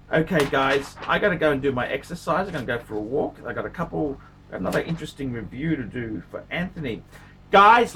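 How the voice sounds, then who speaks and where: Emphatic man with a slightly high voice. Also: fairly bright tone, a little hiss or hum. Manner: emphatic and repetitive, crude jokes, pleading asides. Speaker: watch reviewer, channel host. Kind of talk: casual unscripted vlog monologue.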